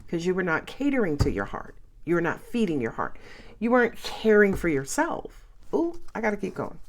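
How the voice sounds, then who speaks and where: A woman giving a casual tarot reading to camera, chatty and excitable, swearing freely and laughing often. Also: medium pitch, normal speed, slight background noise. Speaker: tarot reader.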